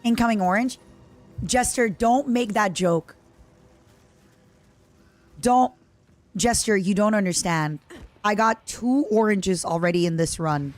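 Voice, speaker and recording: A young woman with an Eastern European accent streams a game live, reacting excitably and chatting with viewers. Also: mid-range voice, slow, pauses often, soft background music. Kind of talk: live gaming stream chat.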